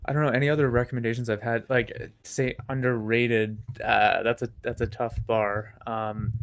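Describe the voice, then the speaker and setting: A soft-spoken man from Toronto, co-hosting a stream in casual chat. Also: mid-range voice, little pitch movement, moderate pace, no room sound. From Toronto, Canada. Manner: soft-spoken, talks quietly. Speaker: stream co-host.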